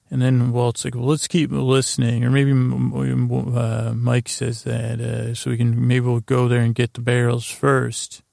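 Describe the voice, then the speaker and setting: A man with a deeply gravelly, fry-heavy voice talks through a TV episode for a sleep podcast, meandering and stopping often to restart his sentences. His delivery stays level and unvaried. The sound is close and dry, with no room around it. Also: no echo. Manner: halting and rambling, with many fillers and restarts; low-key, flat retelling of dialogue. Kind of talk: meandering bedtime recap of a TV episode.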